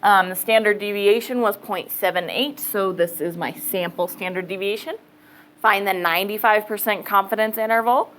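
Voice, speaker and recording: A woman math teacher gives a casual classroom lecture, thinking aloud and checking in with her students. Her voice is medium-pitched and fairly bright, her pace moderate, and the audio is poor. She's chatty and relaxed, saying "okay" a lot.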